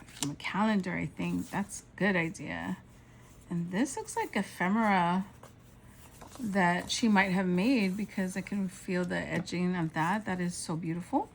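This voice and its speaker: A woman's voice: lowish voice, measured pace, vocal fry, slight background noise, poor audio. A woman vlogger narrating a casual show-and-tell of craft supplies, gushing and exclaiming over each item.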